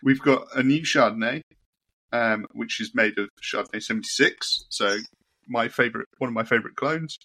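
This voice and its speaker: Easygoing man with a bright voice. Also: mid-range voice, normal speed. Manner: easygoing, rambling, many ums. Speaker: winemaker and podcast co-host. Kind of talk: casual banter.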